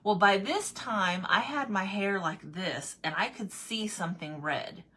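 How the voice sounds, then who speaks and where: A woman originally from Arizona telling a funny everyday story in a casual vlog, animated, repeating herself and laughing often. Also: mid-range voice, a little slow, slightly rough. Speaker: vlogger.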